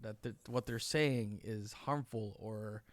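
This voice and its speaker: A man's voice: on the low side, takes it slowly, no echo. A man co-hosting a casual live panel chat, reading out viewer comments and joking with mock voices. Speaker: co-host.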